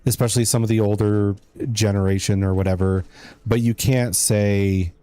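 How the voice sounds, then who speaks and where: Low, mellow-voiced man chatting while gaming. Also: fairly even intonation, normal speed, smooth, no room sound. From United States. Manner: rambling, chatty, talks to chat while playing. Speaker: streamer. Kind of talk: casual gameplay commentary.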